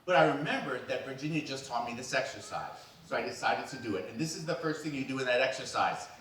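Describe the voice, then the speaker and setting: A man from New York performing a comic storytelling monologue in an animated, playful way, acting out the people in his stories. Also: medium pitch, fast talker, slight background noise. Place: event hall. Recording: echoey hall, distant mic.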